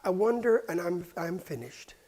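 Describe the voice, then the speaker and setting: A man preaching a sermon, dropping to hushed whispers and rising to loud, fervent cries. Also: high voice, animated, normal speed.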